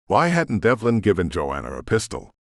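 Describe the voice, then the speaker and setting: A man narrating an audiobook in an expressive storytelling manner, in a studio booth. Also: on the low side, moderate pace, vocal fry, no room sound. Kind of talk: scripted narration.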